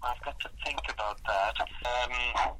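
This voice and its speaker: An Irish man speaking by phone as a guest on a casual podcast, pausing often with ums. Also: medium pitch, steady tone. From Ireland. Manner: hesitant, halting with many ums. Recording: tinny phone line with faint hiss.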